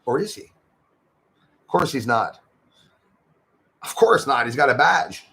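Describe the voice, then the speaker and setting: A Canadian man hosts a casual livestream, chatting with viewers, greeting them by name, and saying "eh" a lot. His medium-pitched voice is fairly bright with a breathy edge, slow but lively in intonation.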